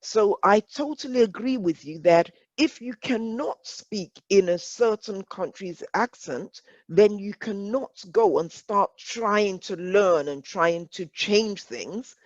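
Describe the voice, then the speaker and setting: Woman workshop presenter, English accent, unhurried, dry dull call audio. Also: medium pitch, no room sound. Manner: measured, deliberate, repeats phrases.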